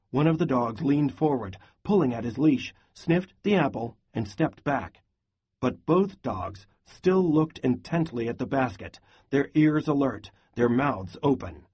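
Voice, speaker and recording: Husky man reading a novel aloud. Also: mid-range voice, expressive, unhurried, lo-fi sound. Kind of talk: read-aloud lesson narration.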